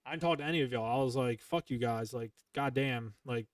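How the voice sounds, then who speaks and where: A man's voice: mid-range voice, fast, no room sound, recorded from a distance. A man hosting a podcast, telling a heated, profane story in casual chat and rambling with restarts. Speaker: podcast host.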